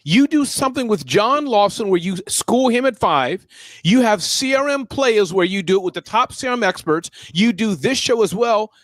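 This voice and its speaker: A man's voice: high-pitched, expressive, normal speed, fairly bright tone, no echo. A man co-hosting a casual chat, talking loosely with slang and laughter. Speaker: co-host.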